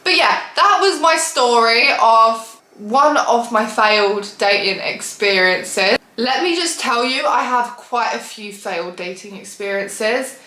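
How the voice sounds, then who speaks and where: Animated young woman telling a story. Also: on the high side, measured pace, hardly any pauses, echoey room, rough recording. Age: young adult. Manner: animated storytelling, exasperated, laughs often. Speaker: vlogger. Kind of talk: storytime vlog.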